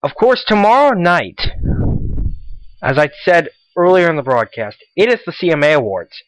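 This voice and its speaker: A man's voice: on the high side, sing-song, normal speed, no room sound, rough recording. A teenage boy hosting a casual school radio show, rambling and repeating himself as he chats. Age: teens. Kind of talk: casual solo radio talk.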